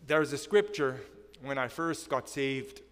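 A man's voice: medium pitch, measured pace, clean tone. Emphatic male preacher in a reverberant hall. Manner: emphatic, asks the congregation questions; swings between loud and soft delivery. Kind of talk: sermon. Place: church hall. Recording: long reverb of a church hall.

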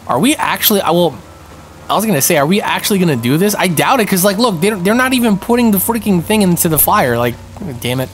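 A young man giving live commentary on a multiplayer game, excitable and panicky, yelping and throwing in a lot of slang. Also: sits high, fast, slight background noise. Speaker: gaming streamer.

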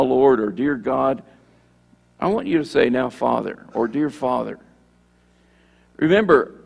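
A man's voice: medium pitch, vocal fry, a little mellow. A male pastor preaching a sermon in a conversational way, repeating phrases and acting out sample prayers. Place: church sanctuary. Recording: long church hall reverb.

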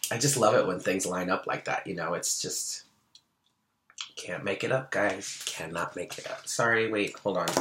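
Male tarot reader; eager, chatty daily reading; lowish, sharp tone. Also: moderate pace, slight background noise. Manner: excitable, reads card texts aloud between eager asides.

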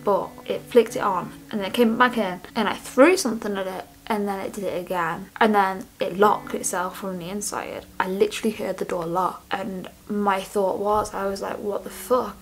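A young woman, speaking candidly and rambling in a personal vlog from her student flat bedroom. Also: mid-range voice, normal speed, few pauses, a little hiss or hum, rough recording. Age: young adult. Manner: candid, rambling, restarts often. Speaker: vlogger.

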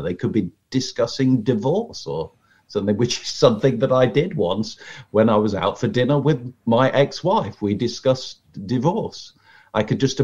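A man guesting on a podcast as a magician, chatting in a lively, storytelling way and acting out how audiences react. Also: mid-range voice. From Britain. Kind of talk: casual podcast conversation. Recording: slightly muffled lo-fi audio.

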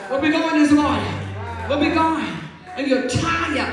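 A woman apostle preaching a rhythmic call-and-response sermon in church, repeating lines and swinging between shouts and soft pleading. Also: high voice, a little fast. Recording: echoey room, far from mic, music behind.

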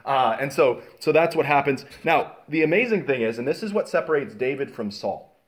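A man teaching a casual Bible study, telling stories in an animated way with many fillers and restarts. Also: mid-range voice, fairly quick.

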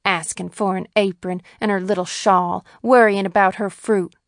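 A woman's voice: medium pitch, fairly even intonation, moderate pace, no room sound, studio quality, natural voice. A woman voicing a blunt, stout-hearted farm woman who speaks firmly and forthrightly. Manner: firm, forthright, with a rural lilt.

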